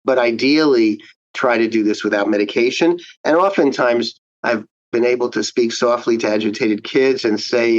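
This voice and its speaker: A man, a child psychiatrist, giving measured, explanatory answers in an interview. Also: mid-range voice, no room sound, lo-fi sound.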